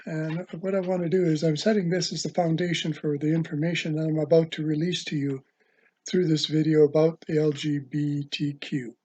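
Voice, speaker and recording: Casting note: man, online preacher, husky and slightly high voice, hesitant delivery, dull lo-fi recording. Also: level tone, warm tone. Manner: halting, with many ums and uhs. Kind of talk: religious video sermon. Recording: dull lo-fi sound.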